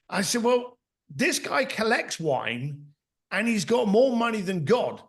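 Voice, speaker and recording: Animated, high-voiced middle-aged man telling stories. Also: normal speed. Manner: blunt, anecdotal, acts out other people's lines. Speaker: podcast guest, author and mentor. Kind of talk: conversational storytelling.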